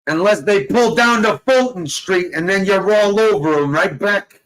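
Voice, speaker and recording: A man talking in loud, swaggering, profane casual banter, laughing often and cursing constantly. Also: high voice, normal speed, poor audio. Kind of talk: profane casual banter on a live audio chat.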